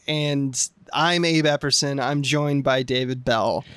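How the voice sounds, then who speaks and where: A man co-hosting a comedy podcast, chatting in a playful, rambling way with quick asides. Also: mid-range voice, fairly even intonation, a bit bright, smooth, no room sound. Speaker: podcast co-host. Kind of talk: casual comedic chat.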